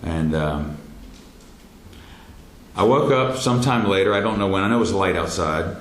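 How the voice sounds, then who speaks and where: A man telling a personal story in a halting way, full of fillers and restarts, with loud quoted lines. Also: low-pitched. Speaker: speaker telling his near-death experience. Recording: roomy echo, faint background noise.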